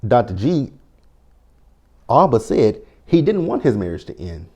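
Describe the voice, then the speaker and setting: A man's voice: mid-range voice, very animated, measured pace, dark tone, breathy edge. A man recapping a reality TV show in a sassy, blunt, profane way, quoting his own reactions as he goes. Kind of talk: casual recap commentary.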